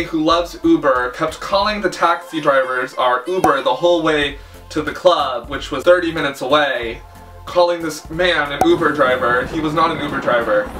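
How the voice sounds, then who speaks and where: A man's voice: on the high side, recorded from a distance. A young man telling a dramatic storytime in a chatty way, full of filler words. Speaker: vlogger. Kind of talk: casual storytime.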